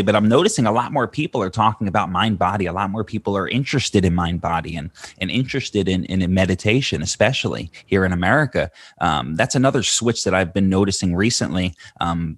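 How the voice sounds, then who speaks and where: A man's voice: fairly low pitch, breathy edge, no room sound, studio quality. A man hosting a podcast interview, who halts, repeats words and restarts often. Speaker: podcast host.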